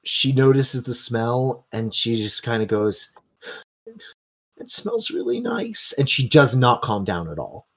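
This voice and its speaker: A man's voice: medium pitch, a little slow, hardly any pauses. A man running a tabletop game as game master, narrating scenes in long, vivid run-on descriptions.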